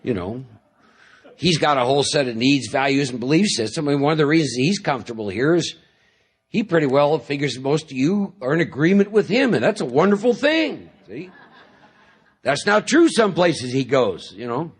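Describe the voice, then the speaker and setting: A man's voice: a little high, big pitch swings, moderate pace, husky. A man speaking as a guest at a recovery meeting, talking in a conversational, joking storytelling way and often checking in with the audience with "see?". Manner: jokey storytelling, acts out inner voices. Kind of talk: speaker talk to a live audience.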